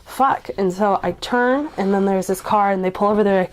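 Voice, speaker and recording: A woman in her twenties shares a personal recovery story in loose, conversational speech. She fills her sentences with "like" and curses bluntly. She speaks at a middle pitch, as if telling a friend what happened. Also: a little fast. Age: 20s. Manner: chatty, frequent "like", blunt swearing. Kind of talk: casual spoken storytelling.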